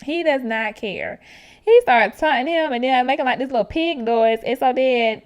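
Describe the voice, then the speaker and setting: A woman with a high-pitched, smooth voice speaks at a moderate pace. She hosts a podcast recapping a reality show, chatting casually and animatedly, using slang and laughing often.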